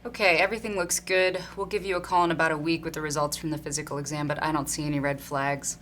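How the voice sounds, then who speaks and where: A woman playing a doctor, speaking in a brisk, clinical manner. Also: sits low, flat delivery, fairly bright tone, slight background noise.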